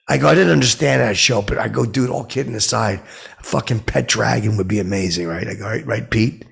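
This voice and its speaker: Gravelly-voiced man telling a clueless tale. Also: fairly quick, a bit bright. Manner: dim, oblivious character voice that pitches up sharply when quoting people. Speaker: comedic podcast host. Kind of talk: rambling deadpan comedic storytelling.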